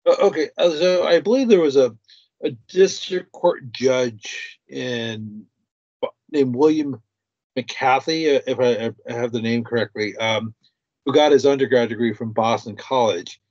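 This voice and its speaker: A man appearing as a guest on a talk show, explaining slowly and hesitantly with frequent fillers and restarts. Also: mid-range voice, darkish tone, no room sound. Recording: dry dull lo-fi sound.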